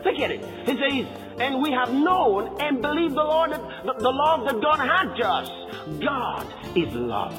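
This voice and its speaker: A male preacher with a very high, lively voice drives his sermon with repeated words and sudden shouts. His voice rings through a hall with a long tail. Faint music sits beneath him. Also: a little slow.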